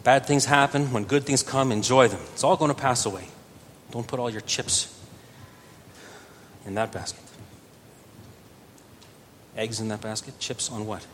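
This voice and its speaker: A man preaching a sermon earnestly, his voice swelling louder on key phrases. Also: fairly even intonation, unhurried, long pauses. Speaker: pastor. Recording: reverberant church hall with faint rumble.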